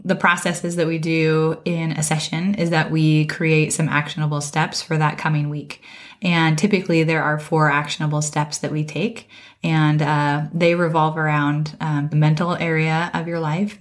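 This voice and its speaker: A woman in her thirties hosting a podcast as a wellness coach, hoarse and raspy from a cold, breathing a little heavily and chatting casually with fillers and small laughs. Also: low-pitched. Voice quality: raspy, slightly heavy breathing. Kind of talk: casual solo podcast talk.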